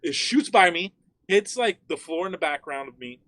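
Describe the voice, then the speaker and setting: A man from Miami, a guest on a casual chat, telling a story in an animated, profane way full of "like" fillers. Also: high-pitched, normal speed, no room sound.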